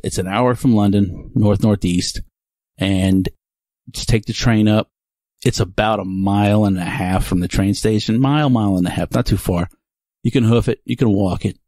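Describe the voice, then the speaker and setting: A man's voice: on the low side, fairly even intonation, moderate pace, mellow, dry recording. A man from Texas, hosting a podcast in a rambling, chatty monologue full of digressions. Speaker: podcast host. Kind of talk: casual monologue.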